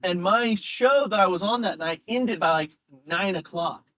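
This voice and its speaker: High-voiced man telling a rambling story. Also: measured pace. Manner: rambling, laughs often, animated. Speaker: comedian guest. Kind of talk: casual chat, storytelling.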